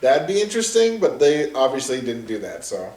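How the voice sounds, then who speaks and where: A man's voice: medium pitch, huge pitch swings, fairly quick, a little mellow, reverberant. A man chatting casually while commenting on a movie, joking loosely and laughing often. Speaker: film commentator.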